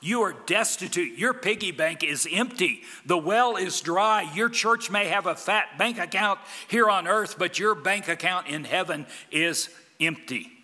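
Bright-voiced man preaching in a hall. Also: high voice, a little slow. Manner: emphatic preaching with big swings in loudness. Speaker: pastor. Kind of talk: sermon.

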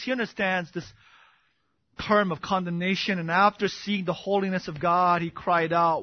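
A man preaching a sermon, swinging from hushed, slow passages to booming, impassioned declarations. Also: steady tone, no room sound, highs cut off.

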